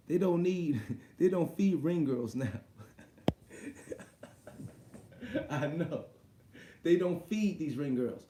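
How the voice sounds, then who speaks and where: A man hosting a live boxing stream, talking in a crude, excitable, rambling way full of slang. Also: high-pitched, reverberant, slight background noise. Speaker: boxing show host. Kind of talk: casual live-stream chat.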